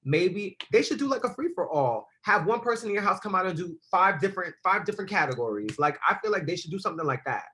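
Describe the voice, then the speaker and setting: A ballroom house leader telling stories in a casual interview, sassy and animated, swearing freely. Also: mid-range voice, fast talker, few pauses.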